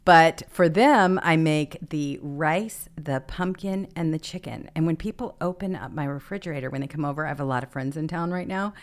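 A woman's voice: low voice, moderate pace, hardly any pauses. A woman hosting her live show, chatting casually and affectionately with viewers, often laughing. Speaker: host of a live political show. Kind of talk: casual livestream chat. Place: Los Angeles home.

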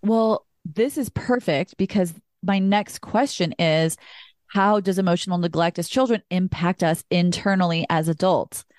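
A woman's voice: on the low side, a little slow, darkish tone, no room sound, clean studio sound. A woman hosting a casual podcast, telling personal stories candidly and swearing freely. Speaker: podcast host.

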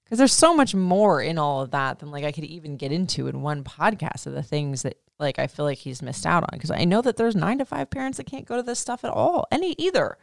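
A woman's voice: low-pitched, lively intonation, brisk, gravelly, hardly any pauses, dry recording, clean studio sound. A woman in her thirties hosting a podcast, talking candidly and emotionally about motherhood, chatty and swearing freely. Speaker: podcast host. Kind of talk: candid personal monologue.

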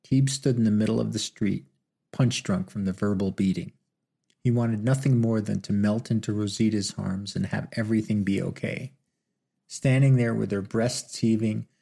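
A man's voice: on the low side, vocal fry, dark tone, slightly rough. A man reading a novel aloud as audiobook narration, in a dry, wry storytelling manner. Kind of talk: scripted narration.

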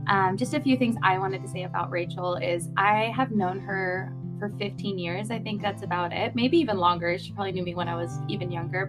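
A young woman co-hosts a casual podcast, talking in an effusive, heartfelt way, full of little fillers. Her pitch sits in a middle range. Guitar music plays clearly in the background. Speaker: podcast co-host.

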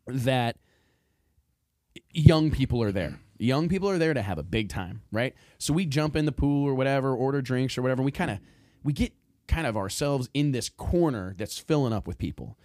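A man hosts a podcast and tells stories in an easy, conversational way. He acts out the other people in his tales, and his voice often rises as he laughs along. The sound is close and dry, with no room echo. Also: medium pitch. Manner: animated storyteller, acts out quotes, laughs often. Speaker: podcast host. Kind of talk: casual storytelling chat.

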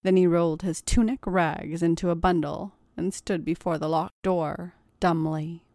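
A woman narrating a story in a measured, deliberate reading voice. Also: on the low side, fairly even intonation, dark tone, no room sound, clean studio sound. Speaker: story reader. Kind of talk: audiobook narration of erotic fiction.

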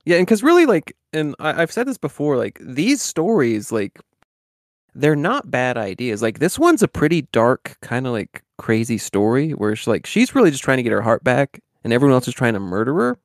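Lively gravelly man on a dry mic. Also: medium pitch, moderate pace, no room sound. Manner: animated, laughs often. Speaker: podcast co-host. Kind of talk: casual chat.

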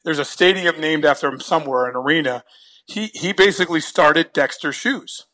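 A man from New Jersey spins a long story in easy, rambling conversation. His voice sits a little high and sounds bright and sharp. He often stumbles over his first words and breaks into laughs. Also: normal speed. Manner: chatty, repeats words when starting sentences, laughs often. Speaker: guest telling a story. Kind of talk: casual storytelling.

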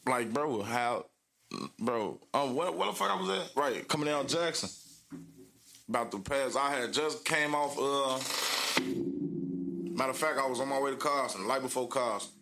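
A man's voice: mid-range voice, normal speed, creaky, long pauses, pushed and bright, a little hiss or hum. A man in casual banter with friends, rambling through an anecdote with restarts. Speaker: friend in group chat.

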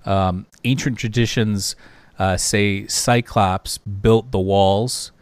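Man, low voice, smooth tone, casual podcast talk, rambling with fillers, dry close sound. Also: steady tone, slow pace, dry recording. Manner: rambling, hesitant, many fillers. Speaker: podcast co-host.

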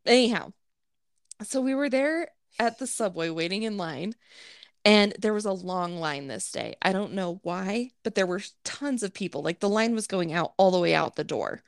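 A woman co-hosting a casual podcast, telling a story in a lively way, acting out quotes and swearing. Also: mid-range voice, normal speed, gravelly, clean tone, dry recording, clean studio sound. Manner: animated, acts out quotes, swears. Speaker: podcast co-host.

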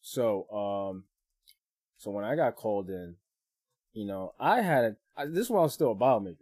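A man's voice: fairly low pitch, lively intonation, normal speed, darkish tone. A young man, a guest on a podcast, chatting casually in a rambling way full of filler phrases. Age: young adult. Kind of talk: casual chat.

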